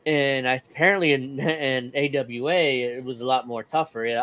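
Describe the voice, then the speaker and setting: A man's voice: medium pitch, fairly even intonation, normal speed, hardly any pauses, fairly bright tone, dry recording. A male podcast host chatting casually, animatedly retelling a story and acting out the quoted lines. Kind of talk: casual chat.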